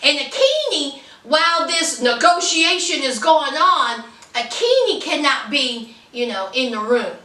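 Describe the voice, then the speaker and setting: A woman's voice: high voice, sing-song, a little slow, pushed and bright, reverberant, distant mic. A woman giving a chatty, sassy recap of a reality show, telling the story with lots of attitude. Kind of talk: casual recap commentary.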